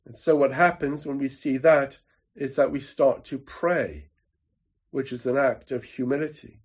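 A man's voice: mid-range voice, measured pace, breathy edge. A man preaching a sermon in an earnest, emphatic way, building rhythm through repetition.

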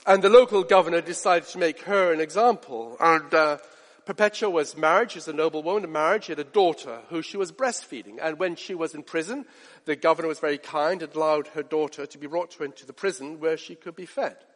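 A man preaching a sermon with passion, asking his listeners direct questions and swinging from loud to hushed. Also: on the high side, fairly quick, big-room sound.

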